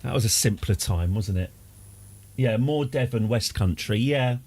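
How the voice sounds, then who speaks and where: A man's voice: lowish voice, measured pace, a little mellow, breathy edge. A man in his forties with an English accent, chatting casually and wryly while streaming a game live, rambling off on tangents and answering his chat. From England.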